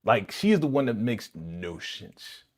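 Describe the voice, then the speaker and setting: A man hosting a live reaction stream, his pitch leaping high and low as he talks. He chats in loose slang and breaks into quick impressions of the characters. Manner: animated and slangy, acting out characters' lines. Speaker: channel host reacting to a TV episode.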